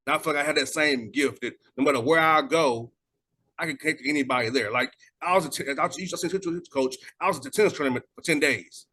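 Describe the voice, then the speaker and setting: A man's voice: on the high side, fast, bright, forceful tone, a little hiss or hum. A man hosting a radio interview show, talking earnestly and reflectively in casual conversation.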